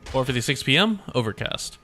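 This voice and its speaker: Lively, distracted young male streamer. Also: mid-range voice, brisk, faint music behind. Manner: rambling, self-interrupting, easily distracted. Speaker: VTuber streamer. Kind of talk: casual livestream chat while reading a game story.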